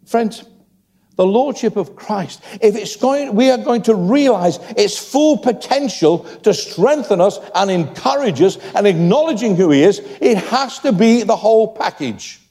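Older preacher. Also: male voice, high-pitched, animated, measured pace, warm tone. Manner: chatty, joking asides to the congregation. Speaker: pastor. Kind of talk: sermon. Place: church hall. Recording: long church hall reverb.

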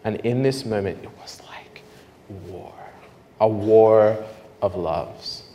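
A man preaching his testimony as a lively storyteller who often drops to hushed, slow tones. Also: fairly low pitch. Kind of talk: sermon testimony. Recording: reverberant hall, faint noise.

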